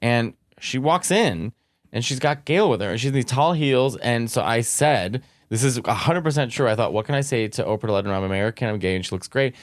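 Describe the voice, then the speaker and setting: A man's voice: mid-range voice, fairly quick, no room sound, studio quality. A man hosting a podcast, telling anecdotes in casual chat and acting out what people said. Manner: animated anecdote-telling with quoted voices. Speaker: podcast host.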